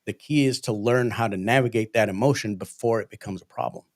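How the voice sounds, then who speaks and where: A man's voice: lowish voice, brisk. A man, a police training instructor, earnestly explaining emotional regulation on a livestream. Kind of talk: livestream discussion.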